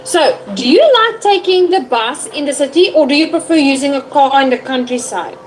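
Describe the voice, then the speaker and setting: High-voiced encouraging woman teacher. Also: lively intonation, normal speed, slight background noise, poor audio. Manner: encouraging, praising student. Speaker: English teacher. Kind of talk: online tutoring session.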